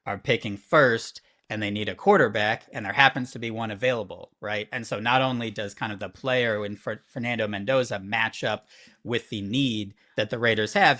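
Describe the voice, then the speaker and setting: A man's voice: lowish voice, bright, forceful tone. A man working as a sports betting analyst, explaining at length and thinking aloud, often checking in with "right?". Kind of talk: conversational analysis.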